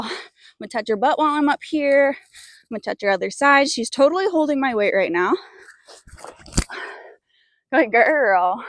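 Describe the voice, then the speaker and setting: A woman horse trainer wearing a clip-on mic, chatting casually to viewers while working a young horse. She keeps murmuring soft praise to the horse in between. The sound is close and dry, with almost no room echo. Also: medium pitch. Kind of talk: mic'd-up training commentary.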